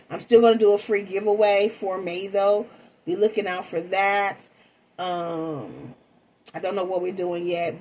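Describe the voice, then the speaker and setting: A woman's voice: lowish voice, darkish tone, slight background noise, rough recording. A woman reading tarot in a casual vlog, talking chattily to her viewers and calling them babies. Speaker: tarot reader.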